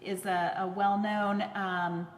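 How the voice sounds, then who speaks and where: A woman presenting a lecture on speech therapy, explaining in a measured way with some fillers. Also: mid-range voice, level tone, roomy sound, big-room sound. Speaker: conference speaker, speech therapist.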